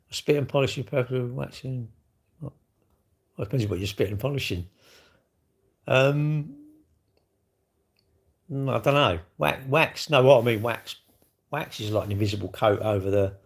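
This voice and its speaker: A man's voice: medium pitch, vocal fry, husky. A middle-aged man livestreaming, telling blunt, sweary stories in casual chat to his viewers. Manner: blunt, swearing, chatty storyteller.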